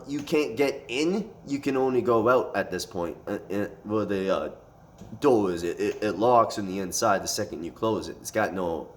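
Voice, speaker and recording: A man's voice: on the low side, a little hiss or hum. A man recounts a fight in a loose storytime monologue. He swears in nearly every line and circles back on himself with restarts and fillers as he tells it. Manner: profane, animated retelling with frequent swearing.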